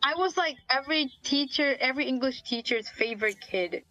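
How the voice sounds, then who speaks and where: Bright-toned young Malaysian woman. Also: sits high, fairly quick, muffled recording. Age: young adult. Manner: chatty, animated storytelling. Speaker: interview guest. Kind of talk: casual video interview chat.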